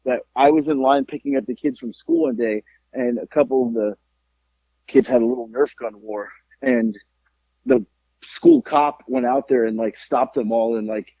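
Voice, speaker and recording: A middle-aged man telling a story in a casual podcast chat, animated and profane. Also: mid-range voice, moderate pace, gravelly, no room sound. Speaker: podcast co-host. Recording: dull lo-fi podcast audio.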